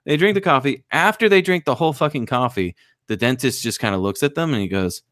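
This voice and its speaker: A man's voice: medium pitch, fast talker, no room sound. A man co-hosting a casual podcast, recounting wild anecdotes with loose, profane energy and sudden emphasis. His voice sits mid-range, and the recording is dry with no room sound. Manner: profane, animated storyteller. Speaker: podcast co-host. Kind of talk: casual chat, storytelling.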